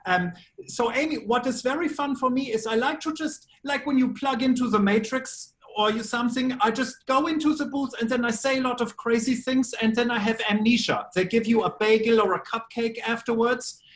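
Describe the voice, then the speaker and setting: This German-accented man, a voice actor guesting at a press junket, answers reporters with playful, oddball wording. He sounds very high-pitched and a bit bright, talking slightly quickly.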